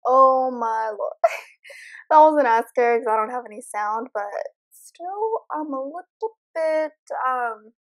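Young woman gaming, high voice, slow and jumpy, freaking out at a horror game. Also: expressive. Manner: nervous, jumpy, talks to viewers. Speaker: gamer.

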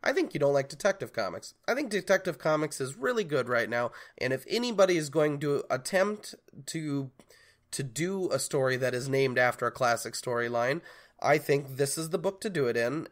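A man co-hosting a casual podcast chat, hesitant, often restarting and hedging his opinions. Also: medium pitch. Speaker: guest co-host.

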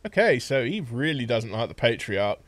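A man's voice: medium pitch, sing-song, normal speed, a bit bright, dry recording. A man playing a video game, casually commenting and reading his dialogue choices aloud. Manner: reads dialogue choices aloud, laughs at the characters. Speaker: let's play host.

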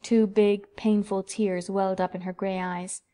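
In a mid-range voice, a female audiobook narrator reads scripted material with an even, measured storytelling delivery.

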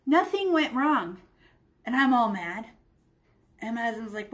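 A woman's voice: on the high side, sing-song, unhurried. A middle-aged woman teaching children to paint, chatty and playful, talking through every brushstroke as she works. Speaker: art teacher. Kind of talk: live art lesson to children.

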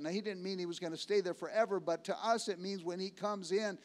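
A man preaching a sermon as pastor, emphatic, repeating phrases and slowing on key words, swinging between loud and hushed. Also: high-pitched, steady tone.

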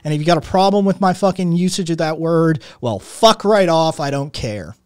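A man's voice: a little high, lively intonation, moderate pace, smooth, dry recording, studio quality. A man who says he is sick and in pain, ranting with constant swearing while he reads and answers his chat. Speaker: streamer. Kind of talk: ranting live stream chat.

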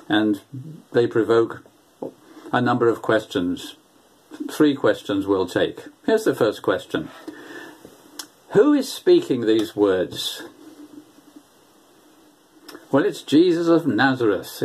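An older man delivers a sermon at an unhurried, deliberate pace. He speaks earnestly, telling homely stories and often doubling his words as he goes. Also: mid-range voice, very animated, a little mellow, slightly rough. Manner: storytelling, earnest, repeats words. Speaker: preacher.

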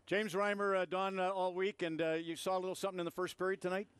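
Man, high-pitched and fast, brisk hockey co-host, dry studio sound. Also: little pitch movement, fairly bright tone, clean tone, no echo. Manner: brisk, tees up topics. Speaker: sports broadcast co-host. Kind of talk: quick hockey segment hosting.

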